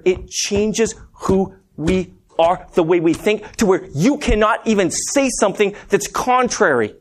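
A man preaching a conversational sermon, telling stories and calling the congregation "guys". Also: high voice. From Montana. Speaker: preacher and math teacher.

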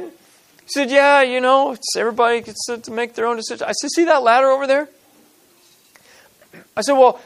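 A man giving an informal teaching talk to a group, with halting restarts, frequent throat clearing and pointed rhetorical questions. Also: very high voice, expressive, a bit bright. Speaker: speaker at a church teaching session.

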